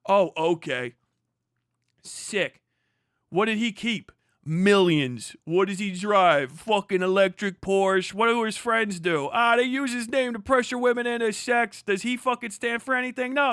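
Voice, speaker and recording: A man's voice: high voice, sharp tone, clean tone, dry recording, clean studio sound. A young man live-streaming, swearing heavily in a heated, mocking rant. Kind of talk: profane ranting commentary on a live stream.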